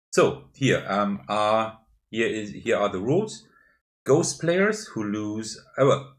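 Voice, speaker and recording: Male board game host, lowish voice, solo playthrough commentary, walks through every move as he moves the pieces. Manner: explains each move step by step while handling pieces.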